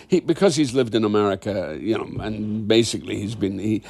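Low-voiced older Scottish man, animated storyteller. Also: brisk, creaky. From Scotland. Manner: animated, acts out quoted dialogue, restarts mid-sentence. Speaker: actor as interview guest. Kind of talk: conversational interview storytelling.

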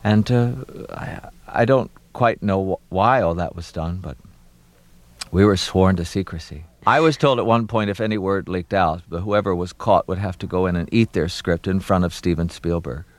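A middle-aged man from Maryland, an actor being interviewed, talking reflectively with many pauses and fillers and a wry touch. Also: low voice, no echo. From Maryland, USA.

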